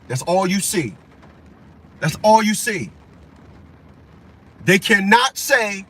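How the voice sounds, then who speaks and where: A man's voice: sits high, sing-song, takes it slowly, pauses often, bright, forceful tone, breathy edge. A man delivering a heated, profane opinion rant as a vlogger, repeating himself for emphasis.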